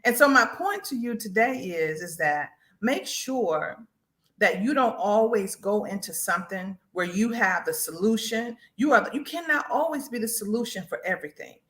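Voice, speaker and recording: A woman's voice: medium pitch, normal speed. A woman hosting a faith broadcast. She tells a personal testimony, talks straight to her listeners and acts out what people said to her. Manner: animated storyteller, acts out quotes, addresses listeners as y'all.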